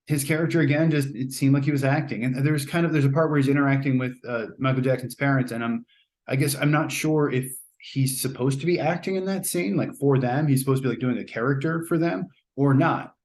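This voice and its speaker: A man hosting a casual spoken movie review, chatty and rambling, often hedging and restarting his sentences. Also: medium pitch. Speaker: host.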